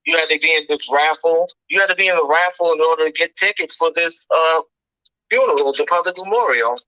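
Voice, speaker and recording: A man with a bright, forceful voice talks through his argument on a casual podcast. The audio is dry and muffled, a little lo-fi. His pitch sits a bit high. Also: brisk, no echo. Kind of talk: casual chat.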